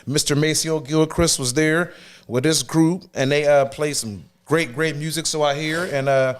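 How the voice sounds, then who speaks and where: Man, podcast co-host, animated storyteller, fairly high pitch. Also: normal speed, clear, resonant tone. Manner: animated storyteller, acts out quotes loudly; slangy, gives shout-outs. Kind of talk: casual chat and storytelling.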